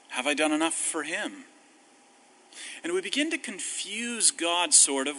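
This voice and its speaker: Male pastor, slightly high and sharp voice, casual wry sermon, slows for scripture. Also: rough recording. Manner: conversational, self-deprecating humor, slows on scripture.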